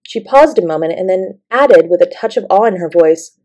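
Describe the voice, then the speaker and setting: A woman narrating a bedtime story in a gentle, expressive way. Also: fairly low pitch, moderate pace. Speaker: audiobook narrator.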